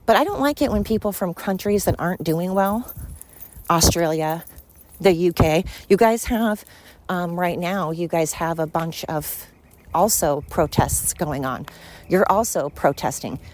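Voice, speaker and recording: In her opinionated solo podcast, an American woman host rants bluntly, swearing frequently. She speaks at a measured pace, her voice low-leaning and slightly mellow.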